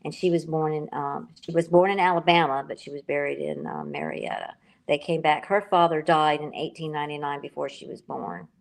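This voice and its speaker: A woman's voice: low-pitched, fairly even intonation, brisk, gravelly. An older woman, an author being interviewed, talking in a rambling, emotional way and correcting herself as she goes. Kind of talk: casual interview talk.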